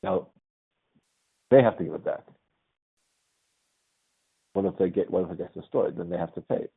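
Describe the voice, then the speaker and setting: A man's voice: low-pitched, moderate pace, gravelly, husky. A man teaching a religious class in a conversational lecture style, often checking with his students by asking "right?". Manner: quizzes the class with frequent "right?". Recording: tinny phone-like audio.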